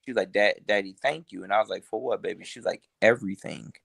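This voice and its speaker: A man's voice: on the low side, quick pace, creaky, fairly bright tone, breathy edge, no room sound, studio quality. A man in his forties co-hosting a podcast, laid-back and reflective in slangy casual chat. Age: 40s. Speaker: podcast co-host.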